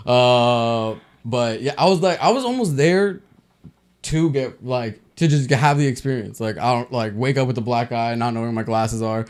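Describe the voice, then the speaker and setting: A man hosting a podcast in laid-back casual chat, halting with fillers and restarts. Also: mid-range voice, lively intonation, darkish tone. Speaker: podcast host.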